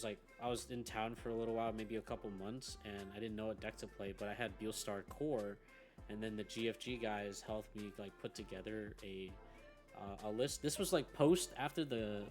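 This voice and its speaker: Young man, low voice, casual rambling chat, swears a lot, laughs often, faint music behind. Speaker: team member on a gaming podcast.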